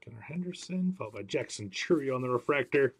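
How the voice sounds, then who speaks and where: A man's voice: mid-range voice, lively intonation, quick pace, breathy edge. A man hosting a live card break stream, chatting with viewers by name as he calls out each card pulled. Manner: chatty, greets viewers by name while calling out cards.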